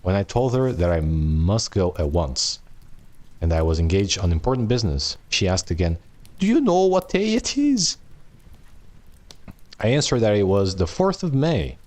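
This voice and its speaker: A man's voice: low-pitched, lively intonation, moderate pace, a little mellow. A man casually reading a novel aloud on a live stream, tripping over long words and tossing in jokey asides.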